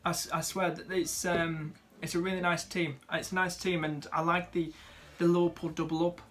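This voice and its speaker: A man's voice: fairly high pitch, little pitch movement, moderate pace, a bit bright. Upbeat chatty young man. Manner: chatty, upbeat, many fillers, calls viewers mate and dude. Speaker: fantasy football YouTuber. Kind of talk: casual commentary rating viewer teams.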